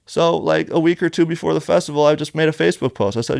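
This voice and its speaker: Brief: male horrorcore rapper guest, heated and foul-mouthed, smooth tone, dry close studio sound. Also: a little high, steady tone, rapid-fire, hardly any pauses, a little mellow, no room sound. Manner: blunt, heavily profane, heated. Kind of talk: casual interview storytelling. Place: podcast studio.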